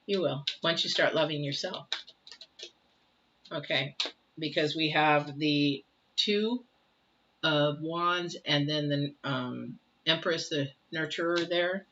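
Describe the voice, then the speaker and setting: A woman's voice: sits low, takes it slowly, a bit bright, a little hiss or hum. An older woman giving a casual tarot reading, chatty and repetitive, often asking rhetorical questions. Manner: chatty, repeats phrases, asks rhetorical questions. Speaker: tarot reader. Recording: dull lo-fi recording.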